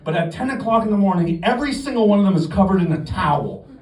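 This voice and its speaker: Animated middle-aged man, live club stand-up. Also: sits high, fast. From Canada. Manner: animated storytelling, swearing, acting out bravado. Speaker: stand-up comedian. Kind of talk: stand-up comedy set. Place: comedy club stage. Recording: roomy live club audio from the stage mic at a distance. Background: audience laughter.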